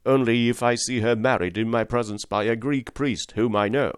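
A man voicing a starved, defiant young male captive who answers in a weak, low voice. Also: normal speed, smooth, no room sound, clean studio sound, lightly acted.

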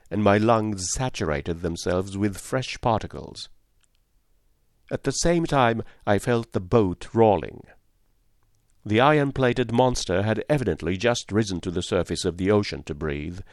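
A man narrating a classic novel in a measured, formal first-person style. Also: fairly low pitch, dry recording, studio quality. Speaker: audiobook narrator.

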